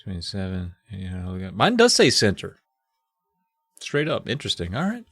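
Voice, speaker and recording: Male co-host, expressive delivery, dry close recording. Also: low voice, moderate pace, breathy edge, no room sound, faint music behind. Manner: animated, jokey, swears casually. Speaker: podcast co-host. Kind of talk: casual book-club chat and reading aloud.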